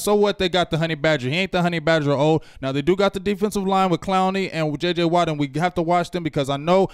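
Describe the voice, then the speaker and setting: Male football show host, excitable, trash-talking, smooth higher voice. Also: quick pace, hardly any pauses, dry recording, clean studio sound. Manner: animated, emphatic, trash-talking. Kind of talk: excited fan sports talk.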